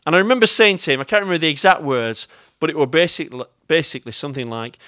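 A man's voice: on the high side, animated, fast talker, few pauses, pushed and bright, no room sound, clean studio sound. A man with an English accent preaching a sermon as pastor. He tells stories with self-mocking humour and talks directly to his congregation.

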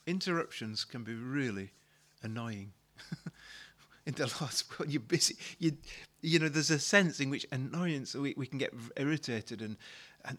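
A man's voice: on the high side, expressive, normal speed, fairly bright tone. A male pastor preaching a sermon, retelling a story in a conversational way and often repeating words as he restarts a thought.

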